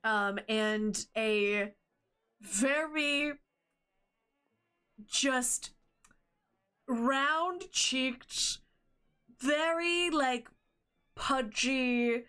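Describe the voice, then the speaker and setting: Slow, bright-voiced woman game master. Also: high voice, clean tone. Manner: rambling, hesitant, laughs often. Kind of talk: narrating a tabletop game.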